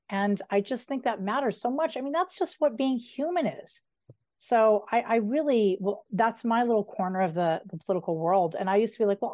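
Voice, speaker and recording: A woman in her forties, an author being interviewed, talking in an animated, chatty way with playful asides. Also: mid-range voice, no echo, clean studio sound. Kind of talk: conversational interview.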